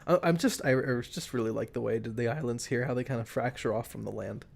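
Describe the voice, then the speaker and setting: A man's voice: mid-range voice, fast talker, vocal fry. A man streaming live, chatting casually in a rambling way, restarting his sentences and laughing at himself.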